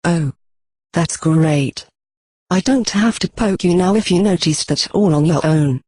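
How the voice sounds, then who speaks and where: A text-to-speech voice reading the lines of a cheerful, shy pony mare from a storybook, in a flat, even synthetic delivery. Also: medium pitch, a little slow, breathy edge, dry recording.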